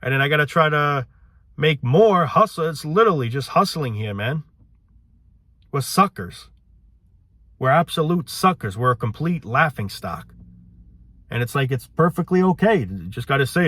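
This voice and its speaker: A man's voice: mid-range voice, lively intonation, normal speed, fairly bright tone, husky, no room sound. A man hosting his own vlog channel, ranting in a loose, frustrated way, saying "man" often and swearing. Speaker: channel host.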